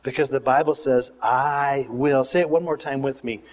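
A man preaching a sermon as pastor, animated, swinging between loud bursts and hushed asides. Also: mid-range voice, fairly quick. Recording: reverberant hall.

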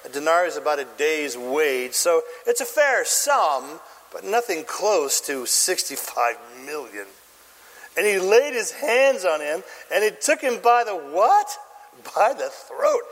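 Animated high-voiced man preaching. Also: normal speed, long reverb tail. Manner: animated storytelling, asks the audience questions. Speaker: pastor. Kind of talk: sermon.

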